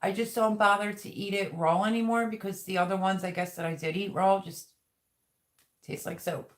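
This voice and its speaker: A woman's voice: mid-range voice, steady tone, normal speed. A woman hosting a casual live stream, greeting viewers by name and chatting while she reads their comments. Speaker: livestream host.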